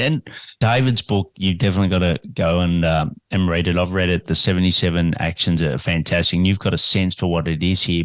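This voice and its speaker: A man hosting a podcast, speaking in a relaxed way and repeating himself to stress a point. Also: low-pitched, no room sound. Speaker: podcast host. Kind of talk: casual podcast chat.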